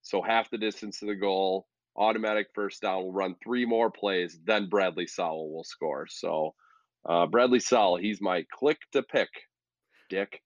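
Podcast co-host, male, low voice, rambling and self-deprecating, dry muffled recording. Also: measured pace, no room sound. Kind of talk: casual sports chat. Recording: dull lo-fi dry audio.

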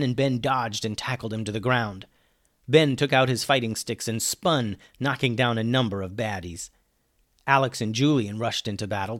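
A man's voice: no echo, studio quality. Man reading a children's adventure story. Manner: lively, dropping low and quiet on narration tags.

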